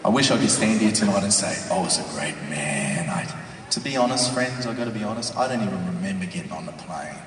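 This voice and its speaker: A man tells his story from a stage in a large hall, his voice bouncing around the room with a long reverb. He is heard from a distance, with faint ambience behind him. He tells it with strong feeling, dropping low and then bursting out loud. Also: lively intonation, fast, a crowd in the background, noisy background. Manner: emotional storytelling, swinging from hushed to shouting. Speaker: speaker giving a testimony. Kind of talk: dramatic testimony to an audience. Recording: echoey hall from far off.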